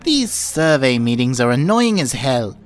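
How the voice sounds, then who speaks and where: A hot-headed young male gangster, voiced by an actor for an audiobook. He growls and snaps with a gruff edge, his pitch swinging widely. Faint music plays underneath. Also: very animated, unhurried. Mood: irritated. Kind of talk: audiobook character voicing.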